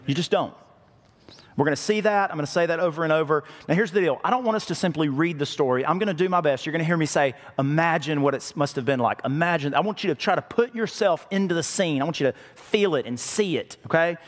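A man's voice: fairly high pitch, animated, fast talker, big-room sound. A man preaching a conversational sermon as pastor, often repeating words for emphasis.

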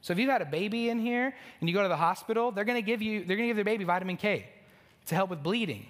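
A man's voice: sits high, racing, a bit bright. A man preaching a conversational sermon to a congregation, with asides to the room. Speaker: pastor. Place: church sanctuary. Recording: long hall reverb.

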